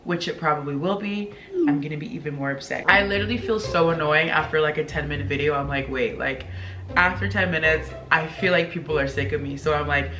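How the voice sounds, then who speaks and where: A woman's voice: deep voice, a little fast, echoey room, music in the background. A woman vlogger talking casually to her viewers, chatty and full of "like", with big upward swoops in her voice. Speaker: vlogger reading viewer confessions. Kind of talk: casual chat.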